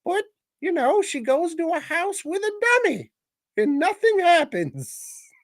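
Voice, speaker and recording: A man doing a high, cartoonish put-on Cockney voice as a crude, rambling caricature. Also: very animated, a little slow, full character voice. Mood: mocking. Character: squeaky mock-Cockney bloke, brash and rambling.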